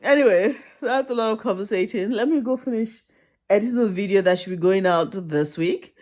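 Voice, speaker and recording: A woman's voice: mid-range voice, brisk, a little mellow. A tired woman vlogging casually to camera, rambling and laughing at herself as she talks. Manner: rambling, laughing and self-deprecating.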